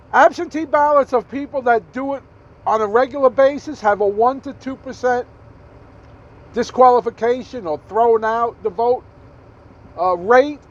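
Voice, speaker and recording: A man's voice: very high voice, a little mellow, dull audio. A man giving an emphatic, repetitive political rant as a vlogger, swearing now and then and stumbling over his numbers.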